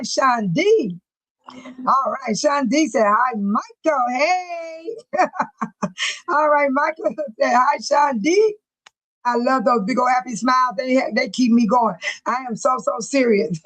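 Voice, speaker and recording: A woman's voice: on the high side, no room sound, rough recording. An older woman hosting a casual livestream, reading out chat comments with frequent laughs. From United States. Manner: chatty, laughs often, calls herself by her channel name. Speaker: livestream host.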